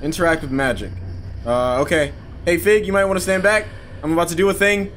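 A man's voice: fairly high pitch, brisk, fairly bright tone, a little hiss or hum. A young man casually commenting on gameplay, joking and sarcastic toward the characters. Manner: jokey, sarcastic, mocks the game characters. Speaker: gaming channel host.

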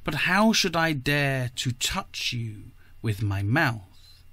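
A courteous young nobleman answers deferentially and with care, read by a man. His speech is slow and measured. The recording is dry and close. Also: mid-range voice, big pitch swings, pushed and bright, no echo, exaggerated voice.

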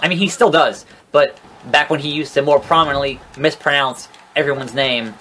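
A man giving casual gameplay commentary as a let's play gamer, joking around, getting excitable and swearing freely. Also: mid-range voice, brisk, few pauses, a little hiss or hum.

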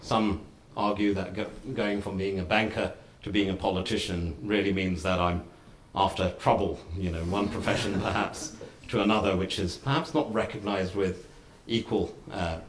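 Man, middle-aged, low-pitched, measured lecture delivery, wry, echoing hall. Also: fairly even intonation. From United Kingdom. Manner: measured, deliberate delivery in short phrases; wry anecdotal humour. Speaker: guest lecturer. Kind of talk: formal public lecture.

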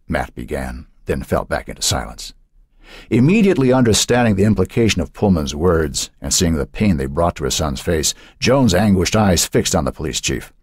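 A man reads an audiobook in a very deep, husky voice, with pitch that rises and falls freely to build suspense. The recording is close and dry, with no room sound. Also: expressive, brisk, darkish tone, dry recording. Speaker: audiobook narrator. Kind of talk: scripted audiobook narration.

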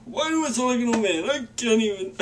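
A vlogger chats casually in a fast, expressive, medium-pitched voice, doing a mock vampire voice that keeps slipping into an old man's. The jokes are self-mocking, and there's slight background noise.

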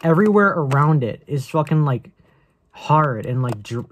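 A man's voice: a little high, expressive, moderate pace, a little hiss or hum. A young man rambling in a casual vlog, crude and joking, swearing often. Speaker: vlogger.

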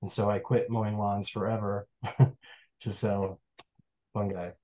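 A man's voice: on the low side, little pitch movement, slow pace, mellow, poor audio. A young man from the Adirondacks, a forager giving a casual online presentation in a chatty, rambling storytelling way over a video call. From Adirondacks, New York.

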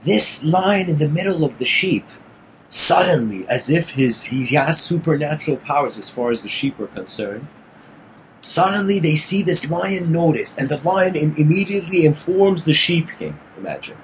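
A man's voice: fairly high pitch, animated, normal speed, slight background noise, rough recording. Man telling a rambling parable. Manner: meandering, restarts phrases, frequent "you know". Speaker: lecturer. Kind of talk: casual rambling storytelling.

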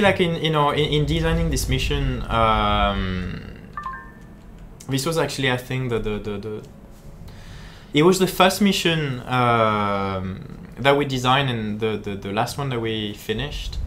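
A man giving live-stream commentary while playing, chatty and jokey. He often stalls on fillers and repeats small words before getting the thought out, at an even middle pitch. Faint ambient noise sits behind him. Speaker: game designer.

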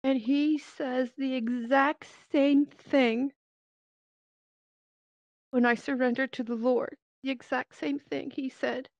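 A woman giving a personal faith testimony in an earnest, halting way, with many pauses and fillers, speaking into a VR headset microphone. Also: high-pitched, steady tone, no room sound. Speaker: church member giving a testimony. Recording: dull, dry lo-fi headset audio.

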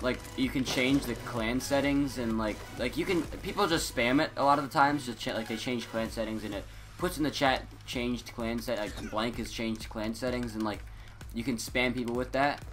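Rambling excitable teen boy gamer. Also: medium pitch, normal speed, a little hiss or hum. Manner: scattered, self-interrupting, excitable. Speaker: gaming YouTuber. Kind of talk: rambling casual commentary.

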